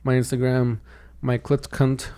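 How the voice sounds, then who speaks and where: A man's voice: mid-range voice, flat delivery, measured pace, dark tone, clean tone. A young man co-hosting a podcast, telling a story in a rambling, casual way, with many restarts and "dude". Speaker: podcast co-host, comedian. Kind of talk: casual chat.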